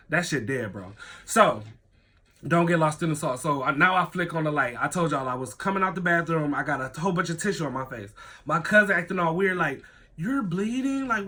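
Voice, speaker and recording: A man tells a story straight to camera. His voice sits high and sounds bright and sharp. He acts out every quoted line and swears freely. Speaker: vlogger telling a story.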